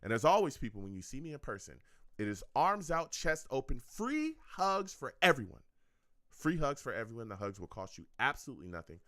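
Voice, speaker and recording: A man with a mid-range, fairly bright voice talks fairly quickly and very animatedly on a clean studio recording with no room sound. He hosts his own sports fan radio show, wrapping up a casual call-in episode with energy, repeating himself, tagging lines with "okay?" and "all right?", and joking with his chat.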